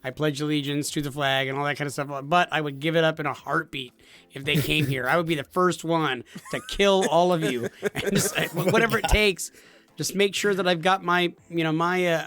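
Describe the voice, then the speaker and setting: A man with a high voice co-hosting a gaming podcast in loose, casual chat. He jokes around constantly and often laughs mid-sentence. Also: steady tone, normal speed, fairly bright tone. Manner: joking, laughs while talking. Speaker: podcast co-host.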